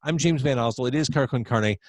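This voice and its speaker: A man's voice: mid-range voice, fairly quick, no room sound. A man hosting a podcast over a video call from home, chatty and self-deprecating, rambling with fillers as he talks. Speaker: podcast host. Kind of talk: casual interview chat.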